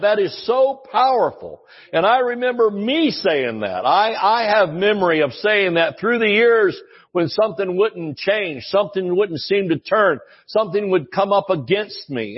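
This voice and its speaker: A man's voice: lively intonation, moderate pace, slightly rough. A man preaching a sermon as pastor in a folksy way, repeating phrases for emphasis. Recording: dull low-fidelity audio.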